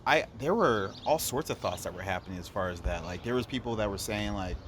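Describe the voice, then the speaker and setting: Young man, lowish voice, podcast co-host, joking casual chat, clear noise behind. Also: fairly quick, hardly any pauses. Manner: laughs often, loose and joking.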